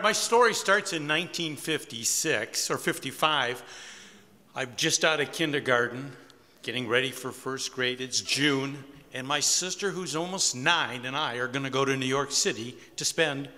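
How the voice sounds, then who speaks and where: A man's voice: medium pitch, moderate pace, sharp tone. A man in his sixties telling a personal story to a live audience in an easygoing, wry, conversational way. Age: 60s. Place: community center hall with audience. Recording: long hall reverb.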